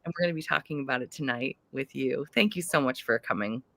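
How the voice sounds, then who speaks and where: A woman's voice: extremely low pitch, fairly quick, vocal fry, a bit bright, no echo. A woman with an American accent hosting a live-stream author interview, gushing and exclamatory. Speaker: host.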